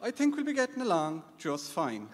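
Irish man, high lively voice, folksy comic local, hall echo. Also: normal speed. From Ireland. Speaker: Irish community member on stage. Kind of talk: comic stage sketch. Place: conference hall stage. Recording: live stage mic in a hall.

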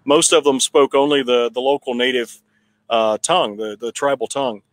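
A man's voice: mid-range voice, normal speed, fairly bright tone. A man telling a long personal story at a town hall, rambling with restarts and chuckling now and then. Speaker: political candidate telling a story.

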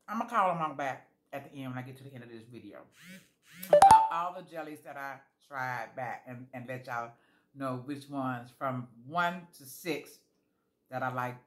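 Bright-voiced woman chatting over food. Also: extremely low pitch, unhurried, long pauses. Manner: chatty, addresses viewers as y'all, savoring sounds between bites. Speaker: food vlogger tasting jellies. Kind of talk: casual food-tasting vlog chat.

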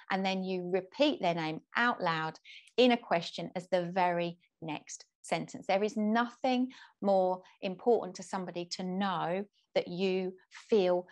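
A middle-aged woman gives a patient, step-by-step lesson to young people. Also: fairly low pitch. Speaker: presenter teaching kids to introduce themselves. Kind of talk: instructional talk to camera.

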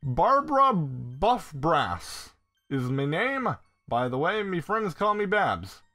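A man's voice: fairly high pitch, very animated, takes it slowly, bright, forceful tone, faint music behind, pitched above the performer's own voice, heavily acted. A man voicing a bossy, fussy older woman housekeeper who scolds in prim, folksy phrases. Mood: chatty.

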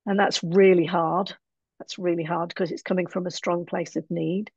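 A woman's voice: lowish voice, little pitch movement, normal speed, darkish tone, slightly rough, dry recording. A woman, a guest in an interview, thinking aloud in a frank, easygoing way. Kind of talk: casual conversational interview. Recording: dry, slightly dull lo-fi sound.

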